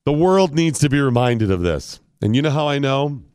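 A man's voice: mid-range voice, expressive, normal speed, a little mellow, clear, resonant tone. A man hosting a talk radio show, chatting casually in a mock-solemn, theatrical way that builds to bursts.

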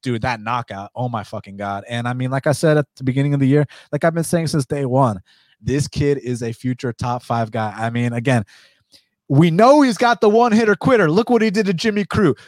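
A man hosting a casual podcast about fight betting, talking in an animated, rambling way with lots of swearing and fillers. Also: mid-range voice, a little fast, dry recording. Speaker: podcast host.

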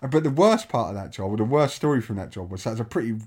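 A man's voice: medium pitch, expressive, fast talker, a little mellow, breathy edge. A man, chatting on a podcast. He rambles through his stories, laughs often, and keeps restarting his sentences. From Ipswich, England. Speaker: podcast host. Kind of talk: casual chat.

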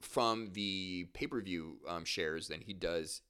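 A man's voice: low-pitched, slow, pushed and bright, clear, resonant tone. A man co-hosting a sports podcast, rambling and joking crudely with many fillers. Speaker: podcast co-host. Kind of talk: casual sports chat.

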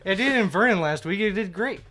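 Male podcast guest, loose rambling storyteller, a touch high-pitched, laughs a lot. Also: animated, fairly quick, bright, forceful tone. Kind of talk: casual chat, telling a joke.

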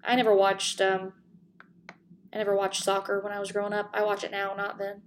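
A woman chats casually in a mid-range voice that is neither high nor low. She is enthusiastic and breaks into laughter often. Faint noise sits behind her. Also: monotone, fairly quick. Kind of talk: casual chat.

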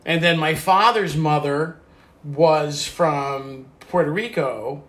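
An older man reflecting on his family history in a relaxed conversation, halting at times as he remembers. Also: fairly high pitch. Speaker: guest telling family history. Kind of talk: casual conversation.

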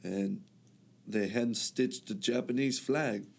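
A man's voice: mid-range voice, slow pace, vocal fry, a little mellow, slightly rough. Young guy, casual banter, heavy swearing, fake-English "mate" habit. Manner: swears a lot, keeps saying "mate" in a put-on English accent. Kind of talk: casual chat trading wild facts.

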